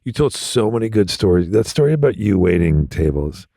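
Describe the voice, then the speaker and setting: A man's voice: on the low side, big pitch swings, brisk, warm tone, no echo, clean studio sound. A middle-aged man, a podcast guest in casual chat, laid-back and swearing freely.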